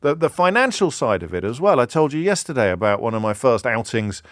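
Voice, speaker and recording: With a sing-song, medium-pitched voice and a fairly quick pace, a middle-aged English man hosts a radio phone-in. He talks reflectively and conversationally, restarting often and working up to impassioned questions. The sound is dry and studio-clean.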